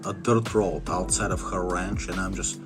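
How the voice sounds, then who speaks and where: A man's voice: sits low, steady tone, normal speed. A man telling a comic story in a rambling, mumbled, casual way, with music behind. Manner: rambling, mumbled, full of fillers.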